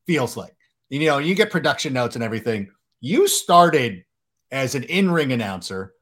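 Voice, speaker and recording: Animated, jokey podcast host, man. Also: medium pitch, moderate pace, breathy edge. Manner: animated, jokey storytelling with acted-out quotes. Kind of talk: casual podcast conversation.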